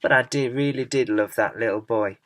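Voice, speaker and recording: A man's voice: medium pitch, normal speed, fairly bright tone, a little hiss or hum, natural voice. Guy reading a grumpy blunt earthworm, basically his normal voice. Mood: sobbing. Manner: blunt and glum. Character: gloomy, blunt male earthworm.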